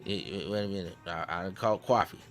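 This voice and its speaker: A man's voice: sits low, steady tone, quick pace, soft background music. A man hosting a satirical commentary over clips. He rambles, keeps repeating "see", stumbles over restarts and talks in Southern slang with a drawl. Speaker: host reacting to clips.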